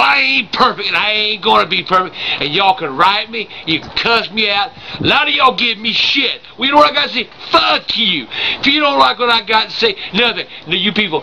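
Older man, gravelly profane rant. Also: high-pitched, lively intonation, brisk, pushed and bright, slight background noise, poor audio. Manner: profane, ranting, stammers when furious. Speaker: vlogger. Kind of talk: angry rant to camera.

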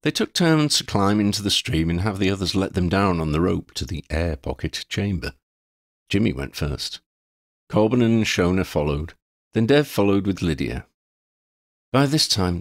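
A man's voice: sits low, moderate pace, creaky, no room sound, studio quality. A man reading a fantasy story aloud, narrating expressively. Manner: expressive reading, voices each character. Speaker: audiobook reader.

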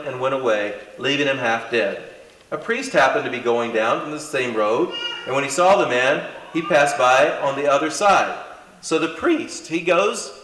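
A man teaching a lecture in conversational, animated fashion, with asides and dramatic emphasis. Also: medium pitch, reverberant, distant mic, rough recording. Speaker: Bible teacher. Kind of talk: classroom lecture.

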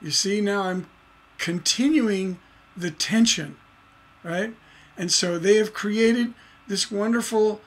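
A man's voice: high voice, measured pace. A middle-aged man teaching songwriting on a livestream, explaining with many fillers and restarts and tapping out rhythms in nonsense syllables. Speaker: songwriting instructor.

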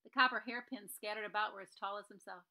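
Brief: woman reader, bright voice, storytelling with asides. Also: medium pitch, steady tone, fast, vocal fry, poor audio. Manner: breaks in to explain the story. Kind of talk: reading a children's novel aloud with commentary.

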